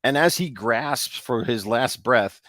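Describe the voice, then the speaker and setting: A man co-hosting a show, casually retelling a ghost story in a loose, halting way. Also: mid-range voice, fairly bright tone, no room sound, studio quality. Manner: loose, with fillers and restarts. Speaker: co-host.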